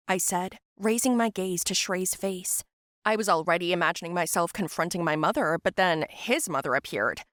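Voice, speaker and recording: A woman's voice: on the low side, normal speed, fairly bright tone, no room sound, studio quality. A woman narrating a first-person story and voicing all the other characters herself.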